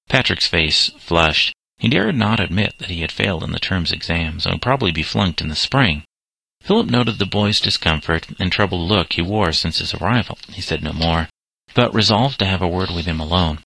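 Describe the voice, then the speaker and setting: A man reading a story aloud as narrator, in a steady, plain way. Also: deep voice, moderate pace, vocal fry, no echo, low-quality recording.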